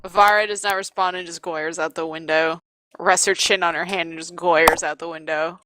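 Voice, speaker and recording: A woman playing in a tabletop role-playing game, describing her character in a deadpan way. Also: on the low side, normal speed, noisy background. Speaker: player.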